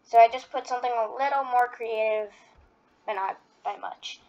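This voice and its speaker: A woman's voice: fairly high pitch, normal speed, darkish tone, dull audio, slight background noise. A woman giving casual reaction-video commentary, rambling with lots of fillers. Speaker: video creator.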